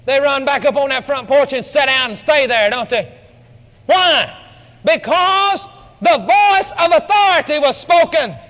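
A man's voice: unhurried, big-room sound, low-quality recording. A man preaching a radio sermon, emphatic and dramatic. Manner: emphatic, dramatic shifts in pitch and loudness.

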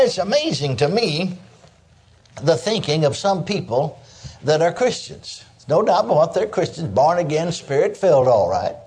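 A man's voice: a little high, mellow. A man preaching a sermon, emphatic, breaking in with cries of praise and calling on listeners to answer him. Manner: calls for audience response.

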